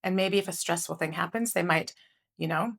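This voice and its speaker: A woman's voice: fairly low pitch, a little fast, vocal fry. Earnest woman explaining to camera. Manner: earnest, animated explainer with frequent rhetorical checks. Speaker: educator and trauma researcher. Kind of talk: flip chart lesson to camera.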